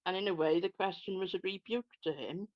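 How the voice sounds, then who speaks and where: A speaker unpacks a Bible passage in a measured, careful manner, with a dry wit now and then. The sound is dull and lo-fi, with no room echo at all. The pitch is middling. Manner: measured, expository, lightly humorous. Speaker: Bible study co-presenter. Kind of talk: conversational Bible study discussion.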